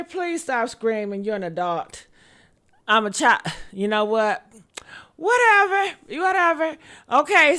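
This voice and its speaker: A woman hosting a casual live-stream, talking loudly and playfully, often yelling, then dropping to a softer, quieter tone. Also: on the high side. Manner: swings between loud outbursts and a quieter put-on mature tone. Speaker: host.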